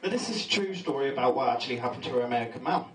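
A man's voice: medium pitch, animated, very fast, heavy background noise. A young man from England doing a stand-up comedy set in a pub, nervous and rambling, often laughing at his own jokes. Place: pub function room with a live audience. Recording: distant echoey pub room recording.

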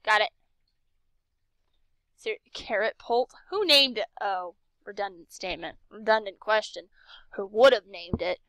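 A woman's voice: medium pitch, unhurried, long pauses, fairly bright tone, no room sound. Chatty, sarcastic woman playing a game. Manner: chatty, sarcastic, talks to herself. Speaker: game streamer. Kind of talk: casual game commentary.

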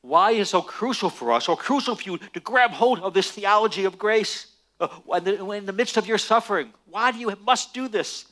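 A man, a Messianic rabbi, preaching a sermon emphatically and slowing down for stress on key lines. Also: high voice. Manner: emphatic, animated preaching with dramatic slowdowns.

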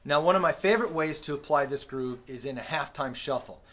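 Drum teacher guy, a bit high voiced, easygoing, sings the beats out loud, camera mic in a practice room with a kit. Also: brisk. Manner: relaxed, friendly explaining with fillers and sung drum sounds. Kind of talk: casual instructional talk. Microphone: camera-mounted recorder.

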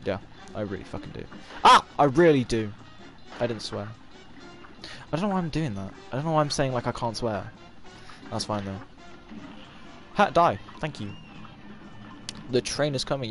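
A sixteen-year-old boy streaming a game, excitable and swearing, shouting at the game. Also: medium pitch, moderate pace, long pauses, faint music behind. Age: teens. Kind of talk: live gameplay commentary.

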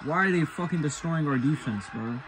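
Excitable young man reacting to football. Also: a little high, brisk, a crowd in the background. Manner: excitable, profane, repeats phrases while yelling at the game. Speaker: sports reaction host.

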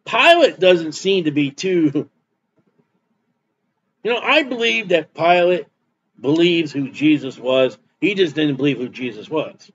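A man's voice: a little high, expressive, a little slow, fairly bright tone, breathy edge, highs cut off. A man preaching a sermon as pastor, emphatic and repeating his points for stress.

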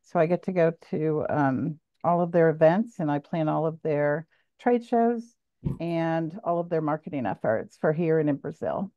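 A woman with a very low voice chats on a webinar panel, apologetic and full of fillers. Her voice comes through a tinny, phone-like video call line that sounds dry and close. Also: normal speed, no room sound. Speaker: panelist, trade show planner.

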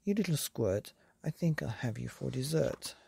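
A woman's voice: rumbling low, expressive, normal speed, vocal fry, mellow, a little hiss or hum, exaggerated voice. Woman doing a hungry, greedy anteater. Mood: gloating. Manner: pleading then gloating, half-whispered. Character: starving greedy male giant anteater. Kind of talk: bedtime story reading.

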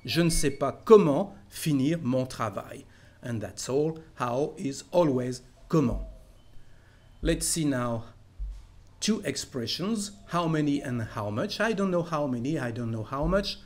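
A man teaching a language lesson, patiently repeating each phrase slowly and then fluently. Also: fairly high pitch, expressive, a little mellow. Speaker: French teacher.

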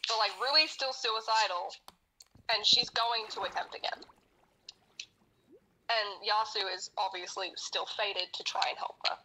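A woman's voice: medium pitch, measured pace, long pauses, pushed and bright, rough recording. A woman co-hosting a podcast, retelling a story in casual chat. She rambles, laughs and swears heavily. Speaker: podcast co-host.

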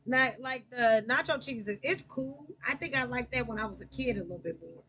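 A woman hosting a livestream, chatting casually and cheering on her teammate with excited, slangy play-by-play. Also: a little high, a little fast, a little hiss or hum. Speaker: livestream gamer host. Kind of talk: casual gaming chat.

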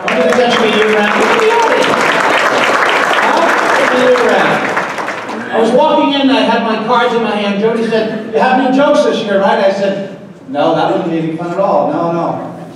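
A high-voiced man serving as master of ceremonies at a breakfast in a big, booming banquet hall cracks jokes and teases guests, addressing the crowd head-on at a normal speed. The mic is distant, the hall echoes, and the recording is very noisy.

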